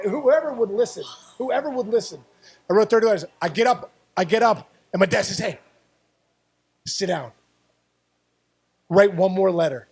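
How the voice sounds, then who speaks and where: Guest spot: gravelly, husky-voiced man, high-pitched for a man, animated storyteller who stumbles and repeats words. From Pittsburgh area. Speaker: podcast guest, former baseball player. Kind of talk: storytelling interview.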